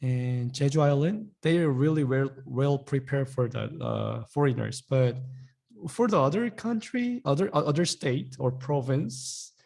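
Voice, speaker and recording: A man's voice: mid-range voice, a little slow, vocal fry, darkish tone. A young man with a Korean accent giving a casual online language lesson, saying each word twice in loose, filler-heavy English. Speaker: Korean teacher.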